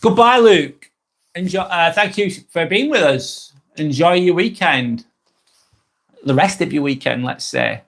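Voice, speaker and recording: Unhurried and a bit bright, the slightly high voice of a middle-aged Lancashire man from England carries lively intonation as he hosts a casual live stream. He's friendly and repetitive, trailing off while reading comments sent in by viewers.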